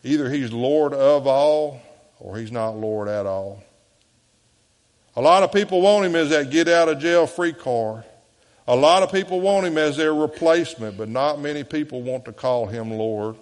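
Southern US man, pastor preaching, earnest, rises loud then drops soft, mid pitch, long church reverb. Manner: earnest preaching, swinging from loud appeals to hushed quotes. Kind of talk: sermon. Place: church sanctuary.

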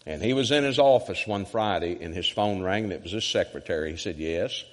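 A male evangelist preaching a sermon emphatically and rhythmically, swinging from loud to hushed. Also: low voice, quick pace. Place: church sanctuary. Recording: church sanctuary with long reverb.

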